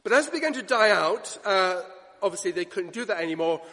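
A man preaching a sermon, emphatic, swinging between loud declarations and hushed asides. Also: high-pitched, lively intonation, a little fast. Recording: long reverb of a church hall.

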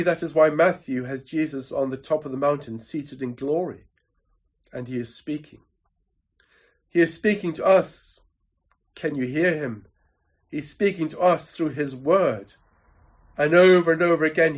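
A man's voice: a little high, slightly rough. A man preaching a sermon in an earnest, emphatic way, building rhythm through repetition.

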